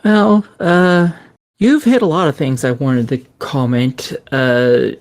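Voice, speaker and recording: A woman's voice: sits low, slow pace, a little mellow. A woman on a podcast panel, talking casually about a game in a blunt, sardonic way and swearing freely. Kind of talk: casual gaming chat.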